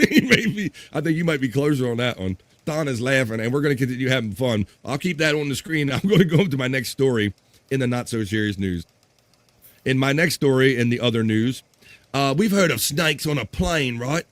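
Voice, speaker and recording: A man's voice: mid-range voice, fairly bright tone, dry recording. Chatty man hosting a live stream. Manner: chatty, laughs often, reads chat comments aloud. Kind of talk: casual live-stream chat.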